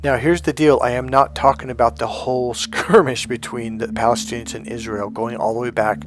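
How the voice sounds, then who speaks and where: A man's voice: mid-range voice, steady tone, brisk. A man giving a blunt, emphatic motivational monologue as a life coach, often acting out the voices he quotes.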